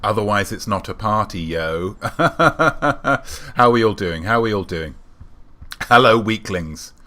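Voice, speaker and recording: A man hosting a live-stream show, chatting with viewers in a playful, mock-grand and deadpan way while reading out their names. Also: on the low side, measured pace. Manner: reads out viewer names in a running patter. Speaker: livestream host.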